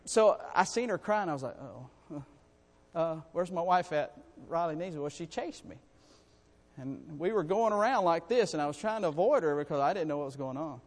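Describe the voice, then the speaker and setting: A man preaching a sermon to his congregation, in a folksy, animated way with calls for amens. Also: a little high, brisk. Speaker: pastor. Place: church sanctuary. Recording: long reverb in a church hall.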